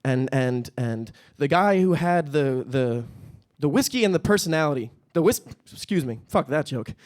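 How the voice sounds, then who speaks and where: Holding a handheld mic on stage at a live-streamed event, a young stand-up comedian speaks at normal speed in a voice a bit high for a man. His delivery is dry and deadpan until a joke lands, when he jumps into squeaky, panicky voices.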